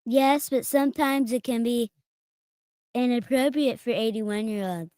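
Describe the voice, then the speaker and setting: High pitched woman, mellow tone, deadpan one liners, dry close sound. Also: measured pace, clean tone, no echo. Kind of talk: casual chat, playfully posing as the president.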